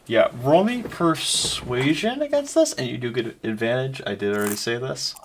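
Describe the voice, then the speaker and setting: Lively man running a tabletop game. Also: medium pitch, normal speed, a little hiss or hum. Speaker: game master.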